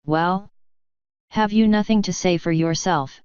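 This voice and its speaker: A woman's voice: lowish voice, unhurried, darkish tone, clear, resonant tone, no echo, lo-fi sound, lightly acted. A woman voicing a cold, formal princess ruler in a fan fiction audiobook.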